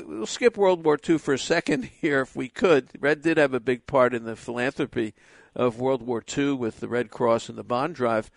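An older man from Brooklyn hosting a radio interview, telling stories in a lively, nostalgic way. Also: medium pitch, creaky, no echo. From Brooklyn, New York.

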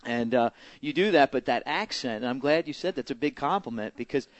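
A man's voice: mid-range voice, animated, brisk, no echo. A man from Baltimore with a slight Baltimore accent, a baseball broadcaster talking in a casual radio interview, earnest and hesitant, full of fillers and restarts.

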